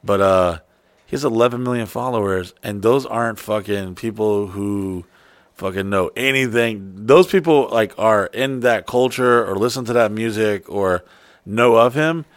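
A man's voice: lowish voice, moderate pace, dry recording. A man co-hosting a casual podcast chat, telling stories with lots of swearing and putting on voices for the people in them. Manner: profane, animated storytelling with put-on voices. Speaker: podcast co-host.

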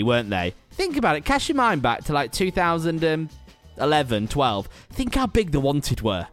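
A man's voice: on the high side, big pitch swings, unhurried, fairly bright tone, soft background music. A man hosting a podcast in a chatty, self-mocking way, talking casually to his listeners. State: out of breath. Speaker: podcast host.

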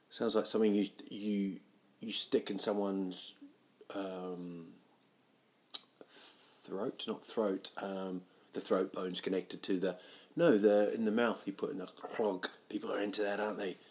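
A man rambling through a comic monologue, mocking himself and jumping into loud, silly voices. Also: lowish voice. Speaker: comedian doing a solo audio show.

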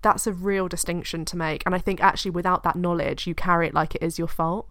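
A woman's voice: lowish voice, fairly even intonation, fast talker, a bit bright, no room sound, clean studio sound. A British woman co-hosting a podcast, chatting in a rambling, candid way and swearing freely. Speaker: podcast co-host. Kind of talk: casual chat.

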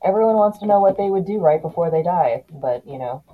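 A woman hosting a casual podcast chat, thoughtful and animated as she talks. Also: on the low side, a little fast, narrow, tinny audio. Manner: animated, thoughtful, occasional laughs. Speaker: podcast host.

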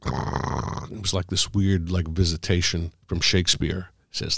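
A man, middle-aged or older, an author telling stories about the craft of writing in a casual, halting way with many fillers. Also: low voice, little pitch movement, gravelly, a bit bright, breathy edge, dry recording, studio quality. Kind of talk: casual conversational storytelling.

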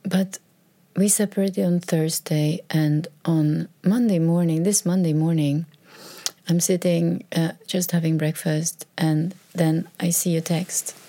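A woman's voice: fairly low pitch, steady tone, unhurried. A woman talking on her own as a podcaster, telling a personal story in a hesitant way, with restarts, and often dropping to a whisper. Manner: hesitant, with restarts and trailing phrases; drops into soft whispers when quoting texts. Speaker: solo podcaster. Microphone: recording on a microphone.

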